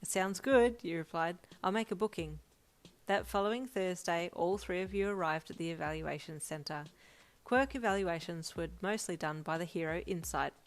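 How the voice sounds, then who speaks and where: A woman narrating a second-person fanfic story in an expressive, lively manner. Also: lowish voice.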